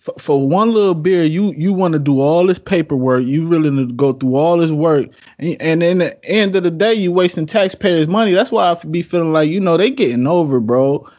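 A man's voice: fairly high pitch, fairly quick, few pauses, a little mellow, lo-fi sound. A man hosting a podcast, chatting casually in slang with frequent stumbling restarts. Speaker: podcast host. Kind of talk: casual chat.

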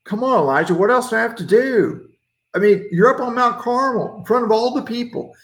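An exasperated God, his voice pitched high, incredulously lists every favor he has done, as a man puts him on. He sounds fed up and scolding. The room adds a clear echo. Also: full character voice.

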